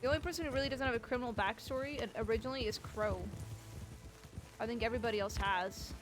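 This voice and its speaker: A woman's voice: on the high side, quick pace. A woman streaming a western roleplay game, chatting casually, swearing freely and thanking viewers.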